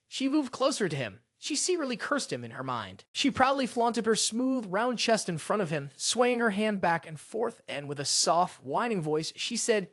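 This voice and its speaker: A narrator reading a drama recap in a scripted, animated storytelling style. The pitch is mid and moves a lot. The sound is dry and close to the mic. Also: moderate pace, no room sound.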